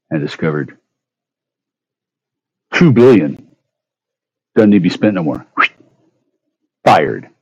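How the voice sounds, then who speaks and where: A man rambling profanely into his phone at home, stammering through restarts and breaking into sudden loud outbursts. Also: low-pitched, slightly rough, no echo, lo-fi sound. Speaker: vlogger. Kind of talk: rambling monologue rant.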